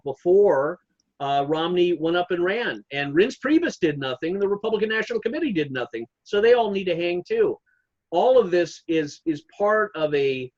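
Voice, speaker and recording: A man delivers heated political commentary as a guest on a talk show. He talks in an emphatic, rambling way, full of fillers and restarts. His voice sits fairly high, and the recording is muffled and lo-fi. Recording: dull lo-fi sound.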